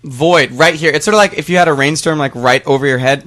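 A young male co-host with a fairly high voice, recorded close and dry with no room sound. He rambles, trails off and restarts sentences in loose, joking conversation. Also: a bit bright, no echo. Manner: rambling, halting, full of restarts. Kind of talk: casual chat.

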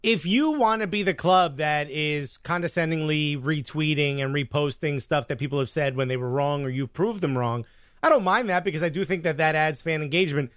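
A man co-hosting a live-streamed comedy podcast, talking in a casual, animated way and slipping in teasing jokes. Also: fairly high pitch, a little fast, dry recording, clean studio sound. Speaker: podcast co-host. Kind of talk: casual chat.

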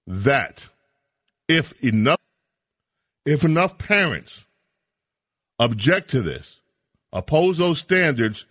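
A man's voice: medium pitch, dry recording. A man hosting a talk radio show from a dry, close-miked studio. He speaks emphatically and gets indignant when he presses his points.

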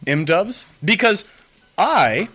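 A man's voice: high voice, sing-song, extremely slow, bright, forceful tone, slightly rough. Playful man co-hosting a sports podcast. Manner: playful, teasing, reads texts aloud dramatically. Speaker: podcast co-host. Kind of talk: casual sports chat.

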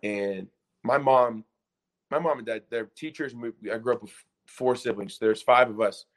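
A young man in his twenties tells a story as a podcast guest, his voice sitting at an ordinary pitch. He talks in a loose, animated way, full of "like" and quick restarts. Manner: animated retelling with lots of 'like' and restarts. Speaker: podcast guest, former college basketball player. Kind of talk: casual storytelling interview.

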